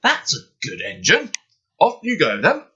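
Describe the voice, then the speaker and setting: A man's voice: a little high, huge pitch swings, unhurried, pushed and bright, breathy edge, highs cut off, pitched above the performer's own voice, heavily acted. A man voicing a stout, fussy railway boss for a storybook, firm and commanding. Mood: kindly.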